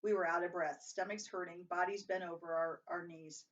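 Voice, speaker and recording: A woman's voice: steady tone, normal speed. A woman reading a novel aloud, lifting her voice for the dialogue, with some slips and restarts. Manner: reads dialogue with raised pitch and volume, some slips and restarts. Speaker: reader. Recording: distant, dull lo-fi home recording.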